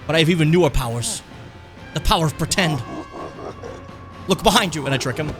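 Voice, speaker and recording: A man's voice: fairly high pitch, expressive, a little fast, music in the background, close to an everyday voice. A man doing a cocky plumber hero. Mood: mock-heroic. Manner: mock-heroic, taunting.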